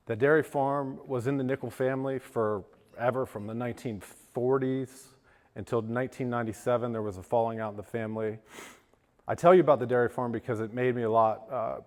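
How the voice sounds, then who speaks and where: A man from western Pennsylvania speaks earnestly at a lunch event, telling his recovery story with halting restarts. His voice cracks with feeling. The sound carries a long reverb from the hall, and his pitch sits in a mid range. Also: a little mellow. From western Pennsylvania, USA. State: voice cracking with emotion. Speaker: guest speaker. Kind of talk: personal recovery testimony speech.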